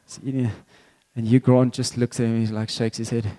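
A man's voice: medium pitch, level tone, quick pace, warm tone. A middle-aged man preaching a sermon as pastor, talking conversationally, repeating words and chuckling now and then.

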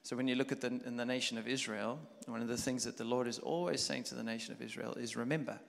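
A man preaching a sermon as a pastor, talking conversationally and building from quiet reflection to loud, animated storytelling. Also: mid-range voice, fast, gravelly. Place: church hall. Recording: long church hall reverb.

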